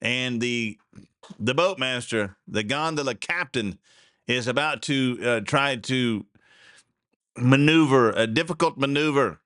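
Rambling, chuckling talk radio host. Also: male voice, medium pitch, unhurried, a bit bright, no room sound, clean studio sound. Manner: rambling, chuckling, folksy asides. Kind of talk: casual talk radio monologue. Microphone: studio mic.

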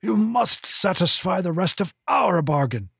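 A man reading an audiobook, voicing an ancient, eyeless, cruel old sorcerer with a raspy voice. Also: sits high, very animated, a little slow, fairly bright tone, no echo, clean studio sound, voice pushed up, exaggerated voice. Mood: rasping.

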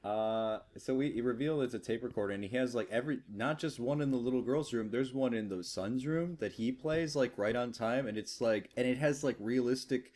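A man in easygoing podcast banter about an old comedy film, quick to laugh and to slip into goofy impressions. His pitch sits in an ordinary middle range. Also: a little mellow. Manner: laughing, jokey, does silly voices. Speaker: podcast co-host. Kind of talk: casual movie review chat.

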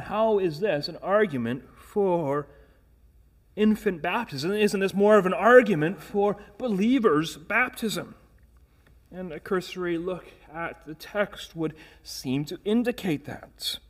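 Pastor, male, fairly high voice, earnest emphatic sermon delivery with rhetorical questions.

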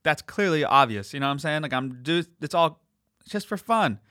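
A man's voice: on the high side, lively intonation, normal speed, bright, forceful tone, no room sound, studio quality. A man in his late twenties hosting a podcast, talking in a blunt, rambling, profane casual monologue. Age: 20s. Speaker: podcast host.

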